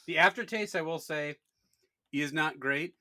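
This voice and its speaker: A man's voice: fairly high pitch, unhurried, bright, forceful tone, no room sound. A man co-hosting a podcast, joking and giggling through casual banter. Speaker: podcast co-host. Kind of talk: casual chat.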